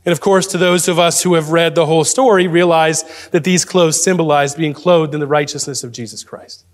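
Earnest higher-pitched male preacher. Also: steady tone. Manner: earnest preaching that sinks to a soft, slow prayer. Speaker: pastor. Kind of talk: sermon.

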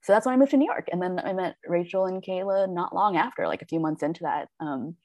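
A woman actor chats openly in a podcast interview, filling her talk with fillers and little quoted asides. Her voice sits a bit low, and the recording is dry and close. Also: fast talker, darkish tone, dry recording, lo-fi sound. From United States. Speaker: actor and web series creator.

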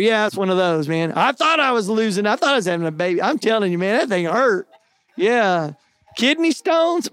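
A man's voice: sits high, dry recording. A man preaching a sermon in a folksy, conversational way, often tossing in "man" and "right?". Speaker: pastor.

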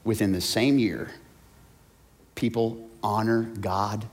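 A man preaching a sermon as pastor, swinging between loud, urgent lines and soft, low ones. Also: steady tone, takes it slowly. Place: church sanctuary. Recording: long hall reverb.

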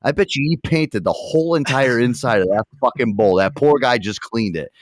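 A man whose pitch swings widely as he tells a crude, sweary story. The sound is dry and close to the mic. He has the loose manner of a podcast co-host chatting. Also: normal speed, dry recording. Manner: lively, swearing, laughing storyteller. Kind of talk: casual storytelling chat.

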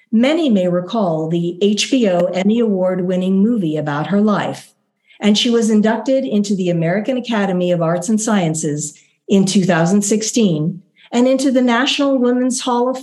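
A woman hosting an interview, reading a prepared introduction and asking questions in a measured, polite way. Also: medium pitch, a little mellow. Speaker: interview host.

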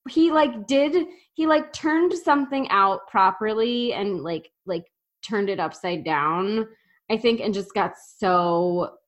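A woman's voice: medium pitch, takes it slowly. A woman co-hosting a podcast, chatting casually and playfully, often laughing. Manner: animated, laughing, playful asides. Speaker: podcast co-host. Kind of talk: casual chat.

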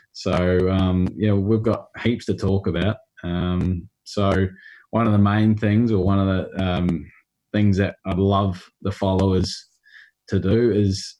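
Low-voiced man with a mixed Kiwi-Aussie accent. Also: mellow, lo-fi sound. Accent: mixed Australian and New Zealand. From New Zealand. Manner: hesitant, many ums and restarts. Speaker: golf rules podcast guest. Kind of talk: casual podcast chat. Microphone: remote call.

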